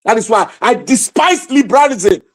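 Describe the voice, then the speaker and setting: A man's voice: very high voice, animated, moderate pace. A Nigerian man hosting impassioned political commentary, preaching and exhorting his viewers with a fiery, repetitive delivery.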